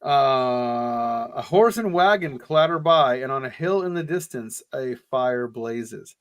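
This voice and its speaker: A man co-hosting a podcast, chatting and joking while reading an adventure gamebook aloud. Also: medium pitch. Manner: jokey, animated, quick asides. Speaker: podcast co-host.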